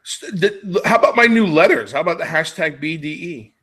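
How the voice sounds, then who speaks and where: A middle-aged man hosts a podcast in loose, casual chat. He rambles and cracks jokes, hopping from tangent to tangent. His voice sits a little high for a man. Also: expressive, fairly quick, a bit bright, slightly rough. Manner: rambling, jokey, jumps between tangents. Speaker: podcast host.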